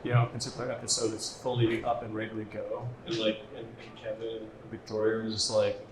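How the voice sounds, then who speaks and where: A man on a convention panel, casually telling animated, laughing stories about making a show and acting out what people said. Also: fairly low pitch, a little fast. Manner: animated, laughing storyteller who acts out quotes. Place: large convention hall. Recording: echoey hall from far off with noise.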